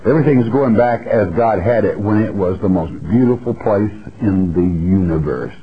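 A man's voice: on the low side, animated, moderate pace, crowd noise. A man giving a broadcast Bible teaching in a blunt, folksy, emphatic way. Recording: dull lo-fi broadcast audio.

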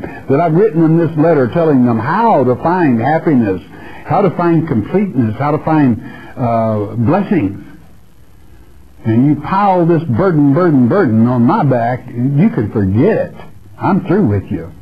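Man, radio preacher, earnest verse-by-verse teaching, dull lo-fi broadcast sound. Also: mid-range voice. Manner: earnest, repeats phrases, addresses listener as friend.

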